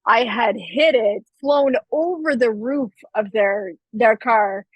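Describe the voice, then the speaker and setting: A woman's voice: on the high side, takes it slowly, husky, no room sound, low-quality recording. A woman co-hosting a fitness podcast in a casual chat, teasing and asking pointed questions. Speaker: podcast co-host.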